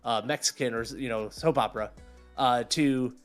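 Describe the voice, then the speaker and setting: A man's voice: mid-range voice, normal speed, soft background music. A man co-hosting a podcast, ranting in casual chat, swearing and acting out quotes. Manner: animated, swearing, acts out quotes. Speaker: podcast co-host.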